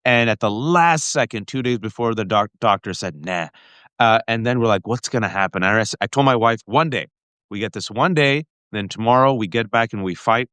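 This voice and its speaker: Guest, man, earnest halting storyteller, mid-pitched, dry close sound. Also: fairly bright tone, no echo. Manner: earnest, halting, with restarts and frequent direct address. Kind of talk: emotional personal storytelling in an interview.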